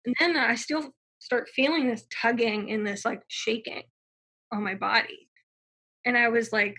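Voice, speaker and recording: A woman's voice: a little high, unhurried, bright, forceful tone. A young woman telling her personal story in a casual, chatty way, full of fillers and acted-out quotes.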